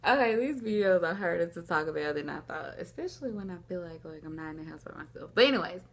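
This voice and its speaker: A woman's voice: fairly low pitch, lively intonation, fast talker, a little hiss or hum. A young woman vlogging at home, telling a personal story in a rambling, casual way, acting out what people said. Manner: rambling, lots of "like", acts out quoted dialogue. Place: at home, indoors.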